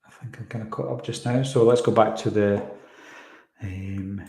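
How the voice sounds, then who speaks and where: A man's voice: fairly low pitch, fairly even intonation, normal speed, a little mellow. A man hosting a live stream, casually reading out and answering viewer comments with a rambling, chatty manner. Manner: chatty, rambling, frequent fillers. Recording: roomy echo.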